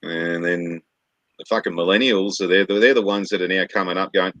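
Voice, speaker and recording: A man's voice: low voice, steady tone, fairly quick, fairly bright tone, no room sound. A man, co-hosting a casual chat, blunt, crude and mocking. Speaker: podcast co-host. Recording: dull lo-fi dry mic.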